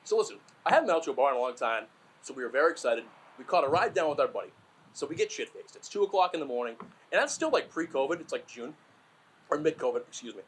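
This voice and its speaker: A man's voice: fairly high pitch, big pitch swings, fast talker, husky. A young man from Massachusetts telling rambling, crude, self-deprecating stand-up stories, full of asides and fillers. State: out of breath. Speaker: stand-up comedian.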